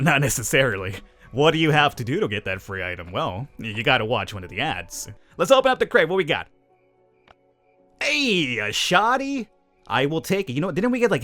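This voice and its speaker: A man's voice: medium pitch, fairly bright tone. A man hosting a casual let's-play commentary, playful and sarcastic, asking his viewers rhetorical questions over game music. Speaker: gaming channel host.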